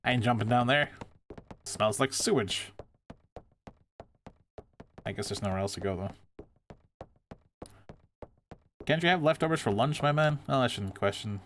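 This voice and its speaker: A man's voice: mid-range voice, a little slow, long pauses, a bit bright, a little hiss or hum. Chatty man streaming a game. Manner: chatty, rambling, frequent restarts and laughs. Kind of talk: casual live game commentary.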